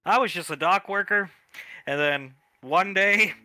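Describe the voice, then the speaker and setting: Bright-voiced man in role-play chat. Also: high voice, unhurried, no room sound. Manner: laughing storyteller, narrates his own actions. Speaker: tabletop role-play player.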